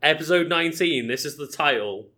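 A man's voice: a little high, lively intonation, fairly quick, sharp tone. A man co-hosting a podcast, jokey and prone to laughing, and he swears freely. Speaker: podcast co-host. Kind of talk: casual podcast chat.

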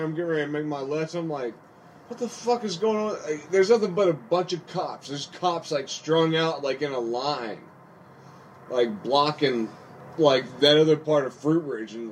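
A man's voice: on the high side, a little hiss or hum. Distant, slangy young man from West Virginia. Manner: loose, profane, filler-heavy with "like". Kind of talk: casual podcast chat.

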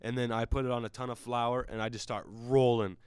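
A man's voice: mid-range voice, level tone, fairly quick, clean tone, dry recording. A teenage boy co-hosting a school podcast, telling a story about his work shifts in a classroom studio. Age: teens. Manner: storytelling, laughing, shouts order calls in bursts. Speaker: podcast co-host. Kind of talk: casual chat. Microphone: studio mic.

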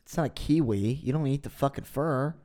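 A man co-hosting a podcast who chimes in with wry, deadpan and sarcastic quips during casual banter. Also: medium pitch, fairly quick.

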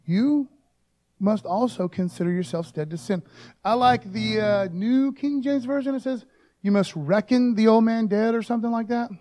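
High-voiced casual preacher man. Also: dark tone. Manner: informal and joking, peppers talk with "man" and "okay?", quick rhetorical asides. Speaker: pastor. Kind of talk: casual sermon.

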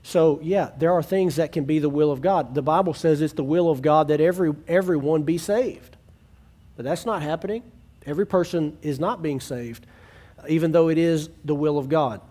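Male pastor, slightly raised pitch, conversational sermon delivery, restarts, plays out little quoted dialogues. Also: moderate pace, warm tone. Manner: earnest, conversational preaching with frequent restarts; acts out quoted family dialogue.

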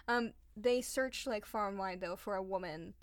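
A woman's voice: medium pitch, moderate pace, no room sound. A young woman co-hosting a podcast, telling a history story in a chatty way, full of "like". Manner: chatty, lots of "like", acts out quotes. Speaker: podcast co-host. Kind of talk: casual storytelling chat.

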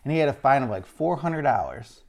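A man from Illinois telling a personal story in an animated, exasperated way. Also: medium pitch, fairly quick. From Illinois, USA. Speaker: speaker.

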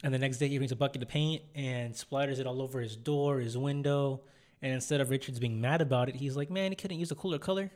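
A man's voice: mid-range voice, flat delivery, fast, darkish tone. A young man, hosting a podcast, chatting casually and acting out the voices in his stories. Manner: rambling storyteller, acts out quotes. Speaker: podcast host. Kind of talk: casual chat.

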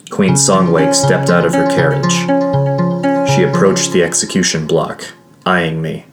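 A man reading a first-person fantasy story as an audiobook, in measured, dramatic narration. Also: a bass voice. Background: soft guitar music.

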